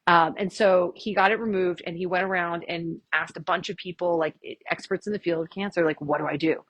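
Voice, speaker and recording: Chiropractor woman, husky, animated presenter style, dry room. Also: fairly low pitch, dry recording. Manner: chatty, animated, quick asides and jokes. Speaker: chiropractor giving a health workshop. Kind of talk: casual lecture to a live audience.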